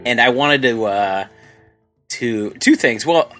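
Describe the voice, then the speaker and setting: Man, podcast co-host, bright tense voice, joking and profane, faint music. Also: mid-range voice, expressive. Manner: joking, profane, quick to laugh. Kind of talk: casual comedic podcast chat.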